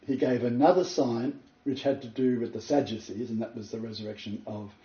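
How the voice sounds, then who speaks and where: A man giving an earnest, emphatic Bible teaching, telling a story and building to excited points. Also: medium pitch, a little fast. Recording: roomy, far from the mic, dull lo-fi.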